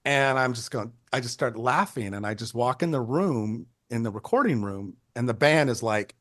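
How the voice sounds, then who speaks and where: An older man, a photographer, telling stories in an interview in a rambling, animated way, acting out the people he quotes and often restarting his sentences. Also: medium pitch, moderate pace, dry recording, clean studio sound. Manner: animated, acts out quoted voices. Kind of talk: conversational storytelling.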